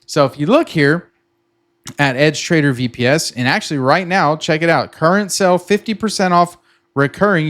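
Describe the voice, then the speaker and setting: A man's voice: on the high side, a bit bright. A middle-aged man explaining a tech tool to viewers in a casual, rambling way, restarting often and acting out his own panicked reactions. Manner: chatty, repeats himself, acts out his own panicked reactions. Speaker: trading content creator. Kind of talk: casual explainer with sponsor pitch.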